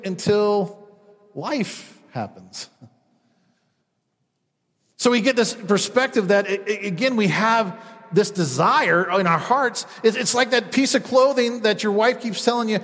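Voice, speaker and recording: A man's voice: high-pitched, lively intonation, a little slow, fairly bright tone, in a large hall. A man preaching a sermon as a pastor, acting out quoted voices as he goes.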